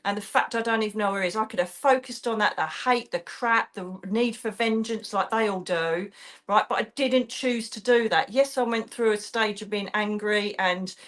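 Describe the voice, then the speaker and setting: A woman's voice: mid-range voice, moderate pace, fairly bright tone. A middle-aged woman, a psychic medium host chatting casually on a live stream, blunt and swearing freely as she tells stories.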